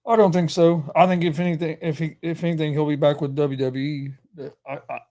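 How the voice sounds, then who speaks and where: Flat-voiced young man co-hosting. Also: fairly high pitch. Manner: halting, repeats words when starting. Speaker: co-host. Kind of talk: casual sports chat.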